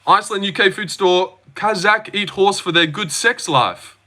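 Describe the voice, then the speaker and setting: A man's voice: high-pitched, normal speed, pushed and bright. A young Australian man hosting a livestream, reading out chat and reacting in loose, slangy talk. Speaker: livestream host.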